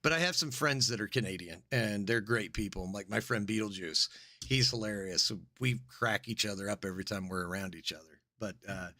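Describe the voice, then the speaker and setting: A man's voice: on the low side, a little fast, sharp tone, no echo, clean studio sound. An American man co-hosting a podcast in casual chat, joking crudely and riffing. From United States. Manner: joking, crude, mocks accents and puts on voices. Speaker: podcast co-host.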